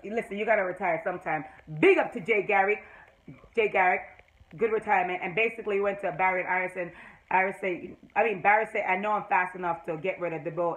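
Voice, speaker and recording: A woman with a Jamaican accent giving a rambling, excitable fan recap of a TV episode, full of fillers. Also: mid-range voice, quick pace, poor audio. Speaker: TV episode reviewer.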